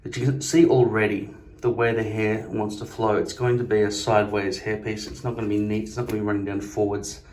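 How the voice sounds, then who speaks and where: A man's voice: lowish voice, little pitch movement, brisk, few pauses, a little mellow. A man vlogging casually to camera, blunt and profane, wandering into rambling asides. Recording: echoey room.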